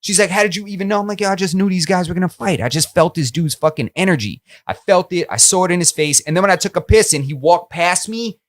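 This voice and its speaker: Fast-talking, cursing young podcast host. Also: male voice, high voice, no echo, studio quality. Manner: animated storyteller, swears a lot. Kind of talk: casual banter.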